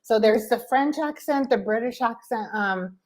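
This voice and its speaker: An American woman teaches English over a video call, her voice sitting a little high. She is encouraging, laughs often and repeats words as she explains. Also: moderate pace, a little mellow. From USA. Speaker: English tutor. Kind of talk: casual online lesson chat.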